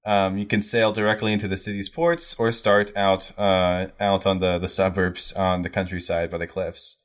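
A man's voice: low-pitched, little pitch movement, moderate pace. A man narrating as game master, playful and laughing often.

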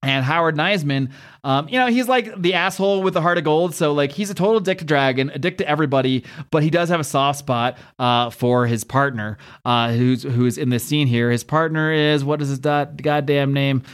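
A man's voice: on the high side, normal speed, clear, resonant tone. Rambling, laughing man recapping comics. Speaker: host. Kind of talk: casual comic book recap.

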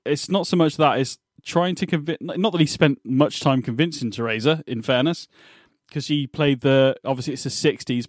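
A man co-hosting a podcast in a loose, casual chat, his thoughts wandering and doubling back as he talks them through. His voice sits at an ordinary middle pitch. The sound is dry and close, with no room around it. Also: dry recording. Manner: rambling, self-correcting, thinking aloud. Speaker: podcast co-host. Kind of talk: casual chat reviewing a TV episode.

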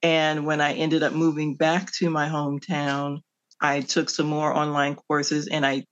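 A middle-aged woman from the Midwestern United States, an author answering interview questions in an animated storytelling way, laughing often. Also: deep voice, measured pace, a little hiss or hum. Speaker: author guest. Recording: dull lo-fi audio.

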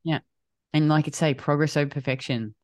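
A woman's voice: sits low, fairly even intonation, fairly quick, a little mellow, no room sound, clean studio sound. A woman co-hosting a casual podcast as a health coach, blunt and swearing freely as she acts out quoted conversations.

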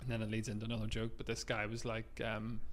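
A man's voice: on the low side, monotone, a bit bright. A man, a stand-up comedian telling rambling gig stories in casual podcast chat. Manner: rapid, rambling anecdotes.

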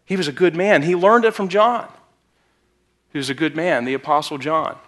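His pitch fairly high and a bit bright, the youth pastor speaks at a moderate pace with lively intonation. He delivers his sermon in the church sanctuary in a Midwestern American accent, telling stories casually and rising emphatically without warning.

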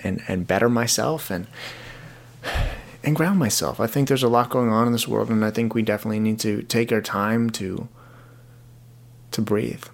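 A man's voice: lowish voice, vocal fry. A young man hosting his own podcast in a casual, rambling, earnest way, often repeating words as he talks. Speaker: podcast host. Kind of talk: casual solo podcast talk.

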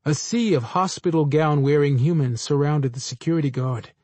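A man reading a first-person story aloud in a measured, dry storytelling manner. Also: on the high side, mellow, no room sound. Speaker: narrator.

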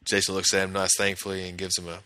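A man's voice: low voice, completely flat delivery, fast, bright, forceful tone, smooth, dry recording. A man hosting a podcast, casually recapping a TV episode scene by scene and quoting the characters in his own voice.

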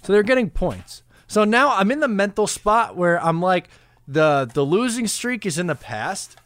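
A man's voice: high voice, animated, moderate pace, a bit bright, no echo. A man in his twenties hosting a podcast, chatting in an easygoing way and laughing often. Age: 20s. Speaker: podcast host. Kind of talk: casual chat.

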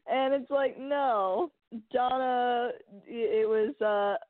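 A woman co-hosting a casual chat about a TV show, retelling scenes quickly and acting out the characters' lines. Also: a little high, no echo. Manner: fast, animated retelling with acted-out quotes. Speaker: podcast co-host. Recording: tinny phone-like line, dry.

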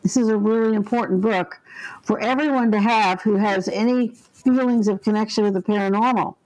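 An older woman and ghost helper, interviewed on a podcast, tells her stories in an earnest, vivid way, performing the voices within them. Her medium-pitched voice is steady and a little mellow at a normal speed, heard on a rough recording.

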